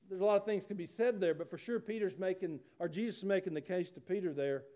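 A man's voice: high-pitched, fairly quick, hardly any pauses, darkish tone. A man preaching a sermon, folksy and conversational, rising to emphatic rhetorical questions. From United States. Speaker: pastor.

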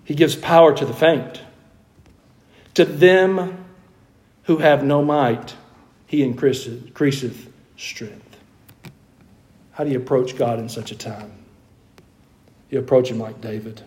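A man's voice: mid-range voice, takes it slowly, long pauses, darkish tone. A man preaching a sermon as a pastor, reading scripture aloud and building up fervor as he speaks. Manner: preaching with rising fervor, quoting scripture in old wording. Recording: echoey room.

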